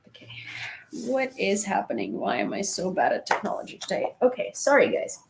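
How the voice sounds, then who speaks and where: A woman's voice: medium pitch, wildly swooping pitch, a little fast, background noise. A young woman hosting a casual live stream, chatting and rambling as she thanks viewers and laughs along the way. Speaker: live-stream host reading chat.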